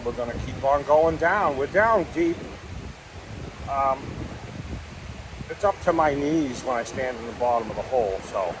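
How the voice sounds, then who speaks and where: A man's voice: mid-range voice, lively intonation, a little slow, long pauses, noisy background. A man hosting a casual outdoor prospecting vlog, talking in an easygoing, rambling, folksy way at a dig site. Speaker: gold prospecting vlogger.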